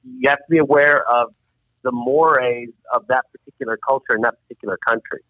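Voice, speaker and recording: Bright-voiced man, halting, lo-fi sound. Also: medium pitch, steady tone, no echo. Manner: halting, filler-heavy. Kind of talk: casual chat. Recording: dull, slightly lo-fi.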